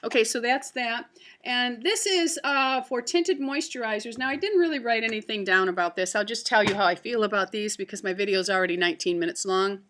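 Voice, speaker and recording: A woman's voice: on the high side, fairly quick, fairly bright tone. A woman reviewing beauty products to camera in a casual, chatty way, with many fillers and restarts. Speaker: beauty vlogger.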